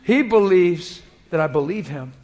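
A man preaching a sermon to a congregation in a conversational way, moving between quiet prayerful passages and playful, laughing stories. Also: high voice, lively intonation, unhurried, slight background noise. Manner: conversational, shifts into soft spoken prayer and playful storytelling. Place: church room before a congregation.

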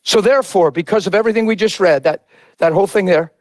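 A male preacher delivering an impassioned sermon that swings between shouted lines and soft, intimate asides. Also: high voice, fast, no echo.

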